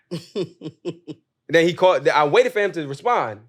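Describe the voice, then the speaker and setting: A young adult man hosting a casual podcast chat, telling stories in an animated way and reading a plea for reviews. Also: on the high side, a little slow. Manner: animated storyteller, gets loud retelling. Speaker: podcast host. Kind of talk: casual chat and read ad break.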